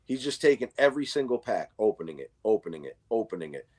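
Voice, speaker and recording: A man's voice: fairly low pitch, sing-song, quick pace. A man in casual chat, telling a story with slang and swearing. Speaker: livestream co-host.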